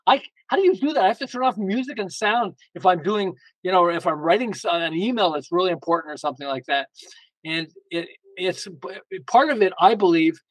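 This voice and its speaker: Guest male, high voice, emphatic and lively, tells stories, dry close sound. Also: fairly quick, no echo, poor audio. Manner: emphatic, lively storyteller with frequent restarts. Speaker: guest author. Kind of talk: casual interview talk.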